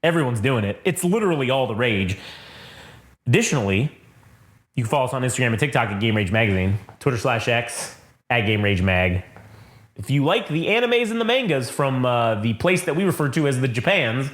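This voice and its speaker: A man's voice: medium pitch, very animated, fairly quick. A man co-hosting a comic-book podcast, rambling loosely, swearing a lot and mocking himself. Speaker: podcast co-host. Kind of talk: casual comic-book chat. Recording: roomy echoey room.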